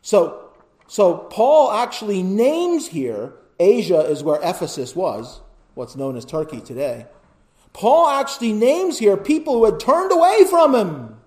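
This high-voiced pastor delivers his sermon unhurriedly, his pitch swinging widely. He rises into loud, insistent lists, falls back to hushed pleading, and repeatedly checks in with the congregation by asking "right?"

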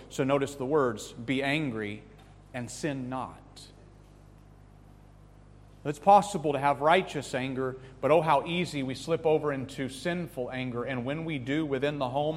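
A man preaching a sermon with earnest emphasis, rising to loud peaks and falling back to soft, pleading lines. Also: medium pitch. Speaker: pastor. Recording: long reverb of a hall.

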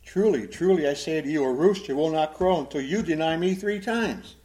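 Man voicing a grave teacher who foretells betrayal: slow, measured, solemn. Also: on the high side, darkish tone, pitched above the performer's own voice, natural voice.

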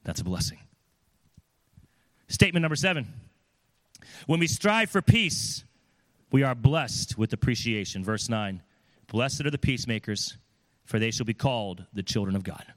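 Guy preaching a sermon, middle pitch, talks to the crowd like a chat and acts out voices. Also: moderate pace, pauses often. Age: adult with children. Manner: animated, acts out quoted voices.

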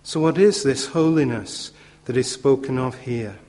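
A man delivers a sermon at an unhurried, deliberate pace, stressing key words through repetition. His mid-pitched voice carries a long reverb from a large hall or church. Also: warm tone. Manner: measured, emphatic repetition with occasional fillers. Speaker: preacher.

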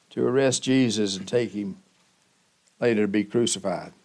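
A man preaching a sermon as pastor, teaching slowly and emphatically with dramatic pauses. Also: mid-range voice, steady tone, a little mellow.

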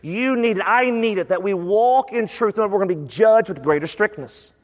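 Man, pastor, sermon, high voice, conversational, repeats words, long reverb from a big hall. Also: moderate pace. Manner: lively and conversational, with repetition for emphasis.

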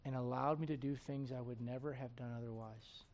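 A middle-aged man preaching a sermon to his congregation in a folksy, animated way, slipping into acted asides. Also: mid-range voice, brisk. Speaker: pastor.

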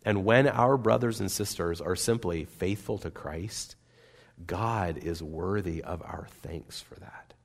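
A man preaching a sermon as pastor, earnest and emphatic, with wide swings between loud and soft. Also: sits low, slow, vocal fry. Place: church sanctuary. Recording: long reverb of a church hall.

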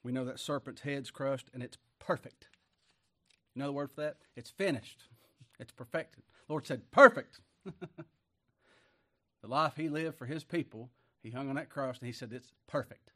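A man preaching a sermon. He reads scripture slowly and with weight, swings between loud emphasis and quiet asides, and chuckles often. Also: mid-range voice.

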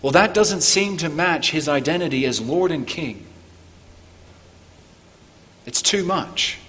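A man preaching a Christmas sermon as pastor, earnest, climbing for emphasis and falling low and quiet on key points. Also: expressive, slow pace, big-room sound. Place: church.

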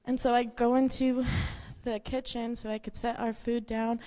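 A woman's voice: fairly high pitch, level tone, normal speed. Woman telling fond stories in a eulogy. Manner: warm storytelling, acts out quotes, laughs through tears. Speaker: adopted granddaughter giving a eulogy. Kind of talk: memorial eulogy with personal stories.

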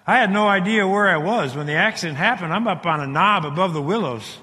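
A man with a fairly high, sharp, tense voice tells a dramatic survival story to a crowd. He stumbles over and repeats words, dropping to a hush and then rising again. His voice rings with the long reverb of a large hall. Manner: halting, repeats words, swings between hushed and loud. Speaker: speaker telling a survival story. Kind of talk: dramatic storytelling speech to an audience. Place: hall with a live audience.

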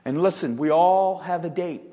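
Man preaching a Bible lesson, emphatic, lively quotes, reverberant hall. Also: high-pitched, moderate pace, dull audio. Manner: emphatic, acts out quotes with rising force. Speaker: Sunday school teacher. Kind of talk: sermon. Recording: long echo in a large hall.

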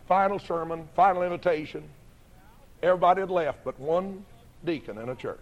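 Preacher man telling his testimony, punchy repeats, voice sits a bit high, gets fired up. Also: normal speed, highs cut off. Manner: emphatic, repetitive, rising to fervent peaks. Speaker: song leader and preacher giving testimony. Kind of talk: sermon testimony storytelling.

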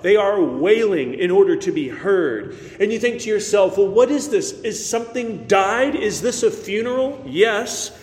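A man preaching an expository sermon, measured and emphatic, slowing down to stress key words. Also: high-pitched, a little mellow. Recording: roomy hall reverb.

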